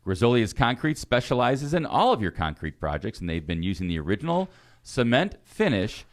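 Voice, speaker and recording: A man co-hosting a podcast, reading sponsor ads in a lively, casual way. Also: medium pitch, a little fast. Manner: lively, laughs between reads. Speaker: podcast co-host.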